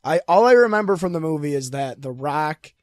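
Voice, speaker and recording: A young man co-hosting a podcast chats casually, his voice slightly higher than most men's and a little fast. He tells stories with animated energy, swears freely, and laughs often. The sound is dry and close, with no echo or room around it.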